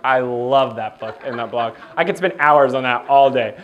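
A man giving a motivational keynote speech at a training event, telling stories in an animated way, laughing often and acting out dialogue. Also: mid-range voice, moderate pace, dull audio. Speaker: keynote speaker.

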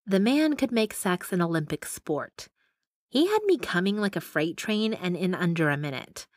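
A woman's voice: on the low side, sing-song, moderate pace, no echo. A young adult woman narrating a first-person romance audiobook in an intimate, wry manner on a close mic.

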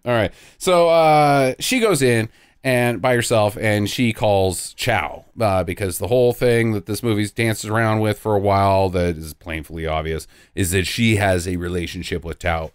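A man's voice: sits low, moderate pace, clean tone, no echo, clean studio sound. A man hosting a casual movie-riffing podcast, recapping the plot with sarcastic jokes and free swearing. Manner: sarcastic, jokey, swears freely. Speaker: podcast host recapping a film.

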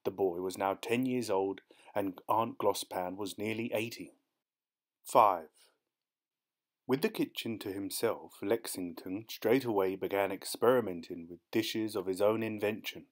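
A man narrating an audiobook in a measured storytelling manner. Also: on the low side.

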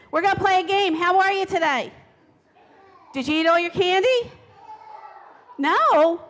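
High-voiced woman leading children's time. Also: fairly bright tone, a little hiss or hum. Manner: playful, coaxing, talks to kids and dogs. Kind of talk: children's message in church. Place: church sanctuary. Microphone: handheld or lapel mic. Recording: long church reverb.

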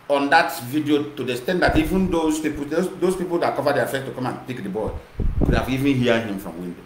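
A man's voice: on the high side, expressive, moderate pace. Nigerian man with an Igbo accent, echoey room. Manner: mixes English and Igbo, repeats himself. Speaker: activist broadcaster. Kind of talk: impassioned monologue. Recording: echoey room with clear noise.

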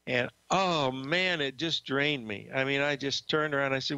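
A man's voice: on the high side, moderate pace, hardly any pauses, pushed and bright, smooth, dry recording, lo-fi sound. An older man hosting a market show, talking in a folksy, rambling way with many fillers and restarts. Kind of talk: casual trading talk. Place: studio desk.

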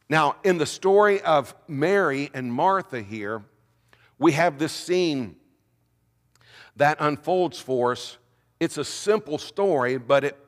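A man preaching a sermon as senior minister, telling the story in an animated way with playful asides. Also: on the high side. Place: church sanctuary. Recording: long church reverb.

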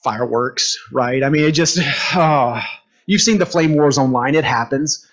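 A man leading a group class in a conversational lecture, animated, asking the room questions and acting out quotes. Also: mid-range voice, a little slow. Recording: dull lo-fi room recording.

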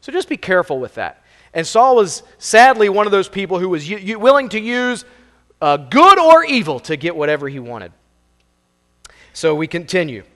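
A man's voice: sits high, sing-song, normal speed, pushed and bright. A man preaching a sermon as pastor, working verse by verse through scripture in a plain, conversational way. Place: church sanctuary. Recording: long hall reverb.

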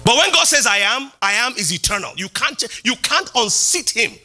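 A middle-aged man, a pastor, preaching a sermon in a church. He repeats key phrases and swings from loud calls down to quiet lines. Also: very animated, normal speed. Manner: preaching with sweeping pitch jumps and repeated phrases. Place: church hall.

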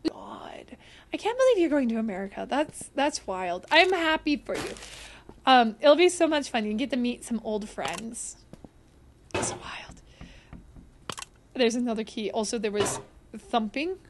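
A young woman streaming a horror game live, chatting to her viewers, jumpy and quick to swear, shrieking and laughing whenever something startles her. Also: on the high side, animated, noisy background.

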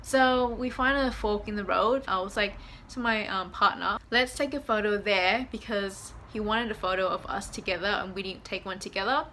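A young woman vlogging on her phone, bubbly and chatty as she tells a story. Her voice is bright and clear, at a middling pitch, with faint background noise around her. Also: normal speed, hardly any pauses. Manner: chatty, excitable, swears casually. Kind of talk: casual vlog storytelling. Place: out and about, shops and hotel room. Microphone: handheld phone camera.

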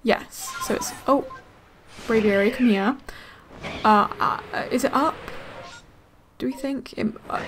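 A young woman giving excitable, gasp-filled commentary while playing a video game and thinking aloud. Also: on the high side, moderate pace, slight background noise. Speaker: gaming let's player. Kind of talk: casual gameplay commentary. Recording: faint game music behind.

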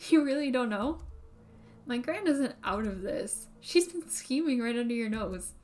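Defiant boy, quick sarcastic comebacks — a woman voicing him. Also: a little high, expressive, a little mellow, voice pushed up. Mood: mocking. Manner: snappy, sarcastic, challenging. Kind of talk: live-streamed game read-aloud.

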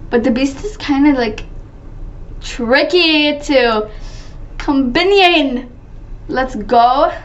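A woman playing a video game and commenting live to her viewers, chatty and excitable, gasping and shrieking when startled. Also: high-pitched, extremely slow, dull audio. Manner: chatty, talks to viewers as "guys". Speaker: gaming channel host.

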